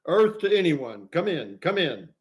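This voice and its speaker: A man's voice: fairly high pitch, sing-song, measured pace, muffled recording. Folksy man hosting a livestream. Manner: folksy, jovial, chuckles often. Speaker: livestream host. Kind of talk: casual live chat reading viewer comments.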